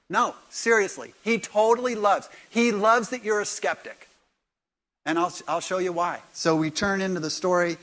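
A man preaching a sermon in church, animated, jumping from quiet remarks to loud acted-out lines. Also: high voice. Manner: animated, acts out dialogue with sudden loud bursts. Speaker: pastor.

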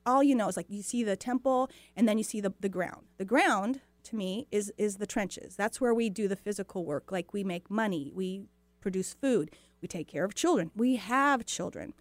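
A woman's voice: medium pitch, normal speed, no echo. A woman hosts a spiritual talk show and tells a personal story in an earnest, rambling way, acting out what people said to her. Her voice sits in a middle range, and the recording is dry and close, with no room sound. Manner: chatty, earnest, sprinkles in quoted dialogue. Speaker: host.

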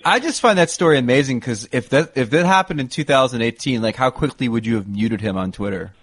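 A man's voice: medium pitch, lively intonation, fast talker, no room sound. A man hosting a podcast with wry, teasing humour. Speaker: podcast host. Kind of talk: podcast chat.

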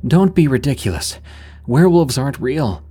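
A man voicing a nervous teenage girl out trick-or-treating in a horror story, high, urgent and timid. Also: moderate pace, a little mellow, husky, soft background music. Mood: anxious.

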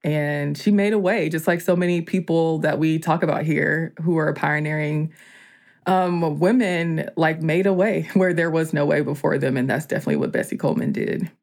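Woman, from the US South, podcast guest, casual rambling chat, lowish voice. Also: normal speed, darkish tone. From US South, Georgia. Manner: rambling, many "like" fillers. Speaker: guest storyteller.

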